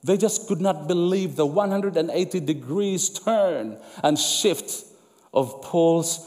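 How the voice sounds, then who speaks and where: A man preaching a sermon as pastor, emphatic and repetitive, going soft and low when quoting scripture. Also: takes it slowly. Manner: emphatic preaching, repeats phrases for effect, drops soft and low for quoted words. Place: church sanctuary. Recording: long church hall reverb.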